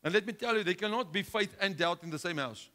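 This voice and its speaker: A male pastor preaching a sermon, driving his points home with rhetorical questions and swinging between loud outbursts and hushed lines. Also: sits high, quick pace.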